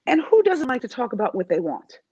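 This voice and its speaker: A woman from New York talks as a life coach in an interview. Her voice sits fairly high and swings widely as she makes her points with emphasis. The sound is dry and a little dull. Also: brisk, husky, no room sound. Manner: animated, emphatic, acts out quoted voices. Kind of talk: interview conversation.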